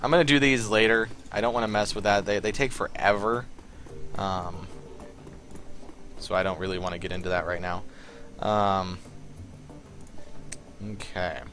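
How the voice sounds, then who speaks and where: A man hosting a let's play, giving relaxed, rambling commentary full of ums and side remarks. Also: fairly low pitch, normal speed, long pauses, soft background music. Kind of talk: casual gameplay commentary.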